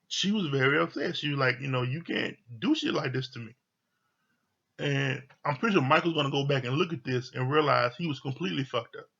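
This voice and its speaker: A man casually recapping and reviewing a reality TV episode, blunt and animated, swearing freely as he retells the scenes. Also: a little high, gravelly, husky, lo-fi sound. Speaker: TV show reviewer.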